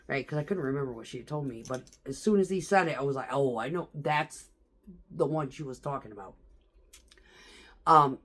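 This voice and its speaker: A woman's voice: very deep voice, normal speed, fairly bright tone, slightly rough. A middle-aged woman telling stories in a casual vlog, chatty and profane, laughing often. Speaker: vlogger.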